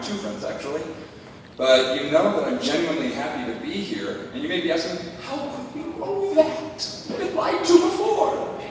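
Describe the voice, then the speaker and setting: A young man doing a stand-up set at an open mic, deadpan and awkward, often laughing at his own jokes. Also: medium pitch, a little hiss or hum. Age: young adult. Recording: echoey hall, far from mic.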